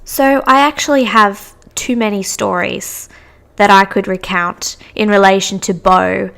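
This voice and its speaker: A woman's voice: medium pitch, fairly even intonation, unhurried, vocal fry, fairly bright tone, smooth. A young woman hosting a podcast, chatting through anecdotes with frequent restarts. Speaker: podcast host. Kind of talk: casual storytelling monologue.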